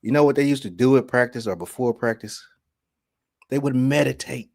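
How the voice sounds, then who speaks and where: A man's voice: medium pitch, moderate pace, vocal fry, a little mellow. A man hosting a vlog in a casual, preachy monologue, often checking in with the listener. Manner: preachy, keeps asking "right?". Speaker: vlog host.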